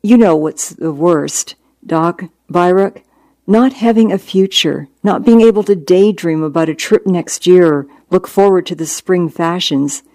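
A reader voicing a middle-aged dying woman who talks softly, slowly and apologetically. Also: no echo, studio quality. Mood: tearful. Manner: soft, apologetic, slow and low.

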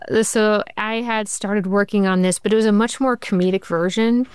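Clear-voiced woman telling lively stories. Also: mid-range voice, normal speed, no echo, clean studio sound. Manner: animated storyteller, acts out quoted dialogue, many "like"s. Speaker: TV writer and showrunner guest. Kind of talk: interview answers, storytelling.

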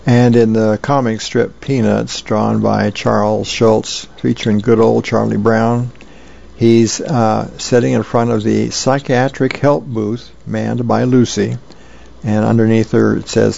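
A man's voice: fairly low pitch, little pitch movement, a little slow, gravelly, darkish tone, highs cut off. A man volunteer reader casually reading comic strips aloud, with fillers. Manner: easygoing, plain storytelling with fillers.

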